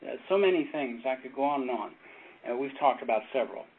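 Chuckling pastor on a tinny line. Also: male voice, medium pitch, expressive. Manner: rambling storyteller, halting restarts, chuckles often. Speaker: pastor and former Navy chaplain. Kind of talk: informal Bible study teaching. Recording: tinny phone-like sound with faint noise.

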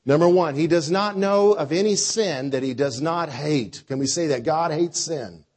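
Male pastor, sermon, husky voice, swings from hushed to loud. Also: on the high side, normal speed. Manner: preacher with a dynamic delivery, swinging between soft and loud.

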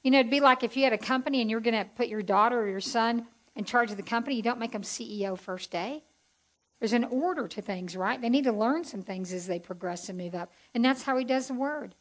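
A woman's voice: on the high side, fast talker, low-quality recording. A woman giving a chatty, heartfelt testimony as a Bible teacher to a group. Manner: folksy, chatty and heartfelt, with asides to the audience.

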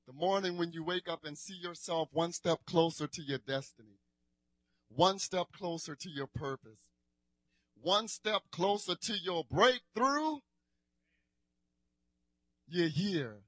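A man's voice: high-pitched, animated, takes it slowly, long pauses, sharp tone, no room sound. A man, leading a worship concert, chatting playfully with the crowd and urging them on like a preacher. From New Orleans, USA. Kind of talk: stage banter and exhortation between songs.

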